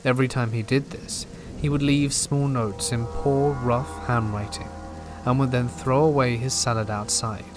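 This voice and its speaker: A man reading horror stories aloud in a slow, hushed narration. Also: medium pitch, over music. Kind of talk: scripted narration. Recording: rain noise behind voice. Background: steady rain.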